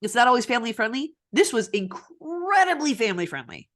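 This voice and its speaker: A woman's voice: fairly high pitch, sing-song, a little fast, a bit bright. Woman, 30s, podcast co-host, chatty, laughs often, casual chat.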